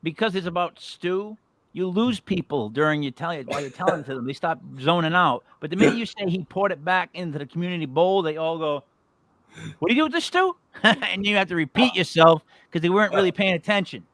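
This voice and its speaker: A high-pitched man speaks fairly quickly on a dry recording. He's co-hosting a casual podcast, telling stories with animated energy and acting out what people said.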